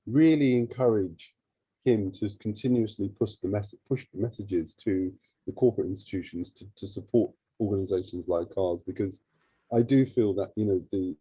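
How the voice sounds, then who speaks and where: A man recounts a story in an interview with a very dark, mellow tone and a husky edge. He talks in a lively way and slips into the voices of the people he quotes. The sound is dry and close. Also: on the low side, no echo, low-quality recording. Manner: lively, acts out remembered dialogue. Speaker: charity CEO.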